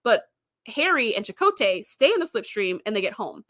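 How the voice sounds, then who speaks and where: A woman's voice: fairly high pitch, big pitch swings, moderate pace, fairly bright tone. A woman host recapping episodes in a chatty way, with fillers and quoted lines acted out. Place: streaming setup.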